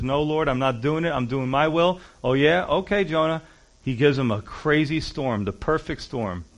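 A man preaching a sermon, pastor-style, acting out scripture quotes with rising and falling loudness. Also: fairly high pitch. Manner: animated preaching, acts out Bible quotes with shifting loudness.

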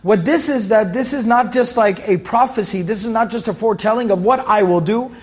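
Brief: male Quran teacher with a high voice, emphatic and repetitive, chants verses. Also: a little fast. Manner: emphatic, repeats key phrases; recites Arabic verses in a chanting tone. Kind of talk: Quran commentary lesson.

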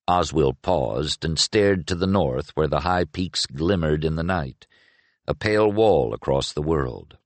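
Deep-voiced guy reading a novel aloud, lively pitch, dry close mic. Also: a little slow, dry recording. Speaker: audiobook narrator. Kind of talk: scripted narration.

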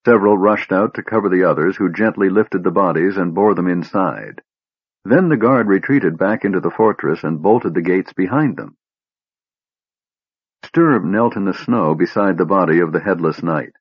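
A man with a very low, husky voice reads an audiobook in a grave, measured way. The recording is dry and a touch dull. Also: expressive, no room sound. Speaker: narrator. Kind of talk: audiobook narration.

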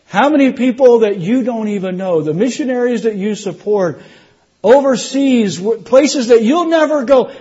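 A man's voice: high voice, mellow, breathy edge, highs cut off. A middle-aged man preaching from the pulpit, telling his conversion story with restarts and rising emphasis. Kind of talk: sermon testimony.

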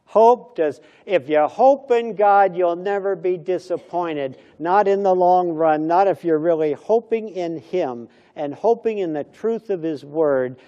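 A man's voice: fairly high pitch, dark tone, lo-fi sound. A middle-aged pastor preaching a conversational sermon, acting out little everyday dialogues as he goes.

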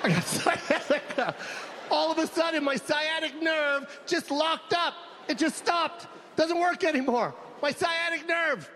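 A man doing a stand-up comedy set, loud and animated, laughing at his own jokes. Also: very high-pitched, measured pace, noisy background. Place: live comedy venue with audience.

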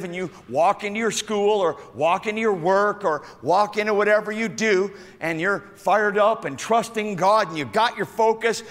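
A male pastor preaching a sermon, animated, acting out the voices of other people and swinging from loud outbursts to hushed asides. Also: high-pitched, long reverb tail.

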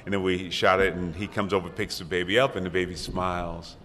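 A deep-voiced older man with a bright, forceful edge tells a rambling panel anecdote, stopping and restarting as he goes. His voice carries through a large echoing hall over a faint hum of room noise. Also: flat delivery, fairly quick. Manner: rambling storyteller, many restarts and laughs. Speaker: actor on a convention panel. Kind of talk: casual anecdote telling.

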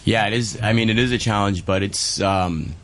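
A man with a very deep voice talks loosely about running a restaurant. He rambles a little and leans on fillers, keeping the tone relaxed and conversational. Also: moderate pace, a little hiss or hum. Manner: rambling, easygoing, many fillers. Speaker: chef and restaurateur guest. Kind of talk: casual radio chat.

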